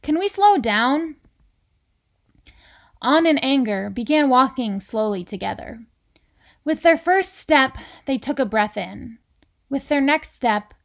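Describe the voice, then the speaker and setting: A woman reading a children's picture book aloud in a gentle, deliberate storytelling manner. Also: high-pitched, creaky. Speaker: reader.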